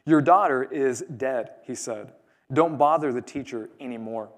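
A man pastor, preaching a sermon in a conversational way and dropping to a hush for quoted words. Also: mid-range voice, measured pace. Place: church.

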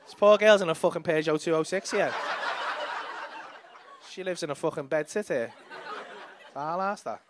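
A man's voice: a little high, moderate pace, long pauses, noisy background. A young man with a Liverpool accent doing stand-up crowd work on a comedy club stage, teasing audience members with brash, sweary banter into a handheld mic.

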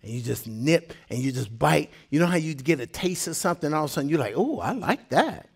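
A male pastor preaching a sermon, animated, dropping to hushed tones for emphasis and telling stories with laughing asides. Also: a little high, quick pace, gravelly, husky.

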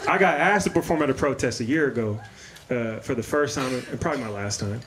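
A man in his thirties doing a brash, profane stand-up set on a comedy club stage, slipping into quick character voices. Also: medium pitch, crowd noise. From Maryland, US. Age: 30s. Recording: live club recording with audience noise. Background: audience laughter.

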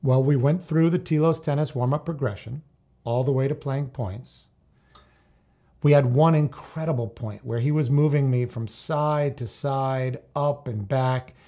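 A male tennis coach narrating a story in a calm, measured, unhurried manner. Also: medium pitch.

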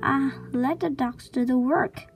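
Storybook pirate captain, bossy and gruff, barking short orders in a high, unhurried voice, as a woman reads him. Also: faint music behind.

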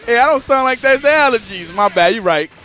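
Bright-voiced crude joking male streamer. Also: very high-pitched, expressive, fast. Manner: crude, joking, talks straight to the chat. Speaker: streamer and tournament commentator. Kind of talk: casual live-stream commentary.

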